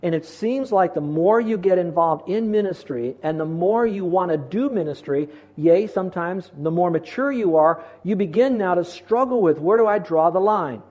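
A man preaching a sermon as pastor, earnest and measured, slowing down to stress key lines. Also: high-pitched, lively intonation, warm tone, lo-fi sound. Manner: earnest, preacherly, slows down for emphasis.

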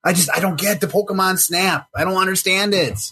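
A man's voice: high voice, fairly quick, pushed and bright, husky. A man in casual podcast chat, skeptical and joking, teasing the others. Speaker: podcast co-host.

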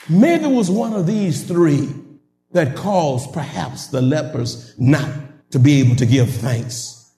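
A male preacher with a high voice that swoops all over its range, delivering a sermon in a long-echoing church hall. He calls out to his congregation with laughing asides and climbs into shouted, sing-song peaks. The sound reaches the mic from a distance, washed in reverb. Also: expressive, slow pace, a little hiss or hum.

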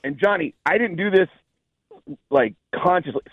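A stand-up comedian, a man from New York, telling lively stories on a talk show and acting out the people in them. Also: high voice, normal speed, narrow, tinny audio, crowd noise. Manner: lively storyteller, voices the people in his anecdotes. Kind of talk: animated storytelling on a talk show.

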